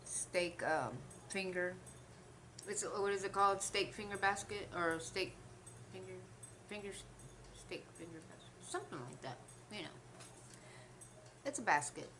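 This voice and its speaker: A woman's voice: medium pitch, a little slow, long pauses, noisy background. A woman vlogger chatting casually while she eats, telling a rambling story and trailing off between bites. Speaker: mukbang vlogger. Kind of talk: casual chat while eating.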